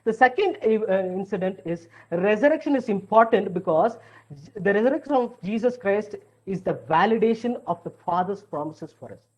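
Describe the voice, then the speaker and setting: A woman's voice: medium pitch, animated, moderate pace, lo-fi sound. A woman preaching a sermon in an earnest way, stressing her points with a repeated "yes".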